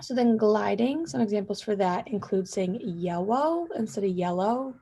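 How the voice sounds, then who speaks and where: A woman's voice: medium pitch, moderate pace, vocal fry, dark tone, breathy edge. A young woman giving a class presentation, hesitant, with frequent ums and likes. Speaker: student presenter.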